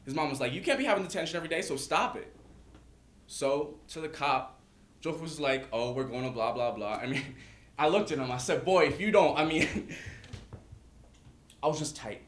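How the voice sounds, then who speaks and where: A man's voice: medium pitch, moderate pace, pauses often, a bit bright, lightly acted. A young man playing a defiant, self-assured teen boy in a staged reading monologue, telling his story with animation. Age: young adult. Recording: echoey stage with clear hiss.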